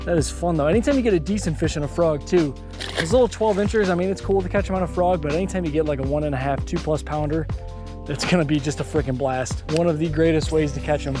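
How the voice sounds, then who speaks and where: Excitable young man fishing, high voice. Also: fast talker, music in the background. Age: 20s. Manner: excitable, chatty, exclaims at every catch. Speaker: fishing vlogger. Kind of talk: casual fishing commentary. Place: outdoors on a bass boat on a lake.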